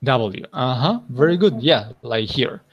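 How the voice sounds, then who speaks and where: A man with a Colombian accent teaching an English class, patient and encouraging, correcting students slowly. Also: mid-range voice, expressive, lo-fi sound.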